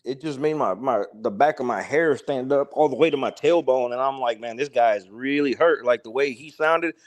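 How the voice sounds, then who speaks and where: A man's voice: mid-range voice, moderate pace. Guy rambling thru a creepy story, lots of ums, regular mid voice. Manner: rambling, many fillers and restarts. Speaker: podcast guest, truck driver. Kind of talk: casual storytelling.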